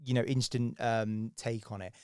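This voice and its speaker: A man's voice: mid-range voice, normal speed, clean tone, no echo, clean studio sound. A man, a sales professional guest, chatting casually and acting out phone calls as he tells stories. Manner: animated storyteller, acts out phone calls. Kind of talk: casual conversational interview.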